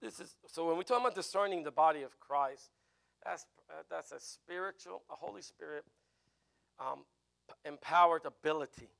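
A man's voice: a little high, normal speed, gravelly, a bit bright. A man preaching an informal teaching sermon, conversational, with frequent restarts and "right?" asides. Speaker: pastor teaching a Bible class.

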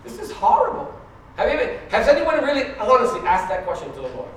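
A man preaching a conversational sermon, going from quiet to loud, asking the congregation questions and laughing often. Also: sits high, sing-song, quick pace, slight background noise. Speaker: pastor. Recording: very echoey room, mic at a distance.

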